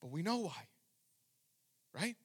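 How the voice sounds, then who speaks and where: A man's voice: a little high, sing-song, slow, husky. A man preaching a sermon as pastor, reading scripture and speaking with fervent emphasis.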